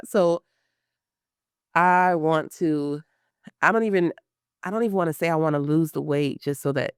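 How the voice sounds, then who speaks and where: Woman in her thirties, smooth clear voice, lively storyteller who acts out quotes, dry close mic. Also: fairly low pitch, moderate pace, pauses often, dry recording. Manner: animated storytelling, acts out quotes, many fillers. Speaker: guest, pre-surgery patient. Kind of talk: emotional personal interview.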